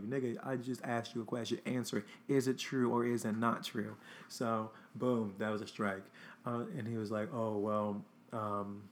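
A man's voice: lowish voice, a little hiss or hum. A young man hosting his own show, telling a dating story in a chatty, blunt, profane way and acting out both sides of a text exchange. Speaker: host. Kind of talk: casual storytime monologue.

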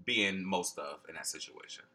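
Guy co-hosting a podcast, really bright voice, blunt teasing, cusses a lot. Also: low-pitched, moderate pace. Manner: blunt, teasing, profane banter. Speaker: podcast co-host. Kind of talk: casual chat.

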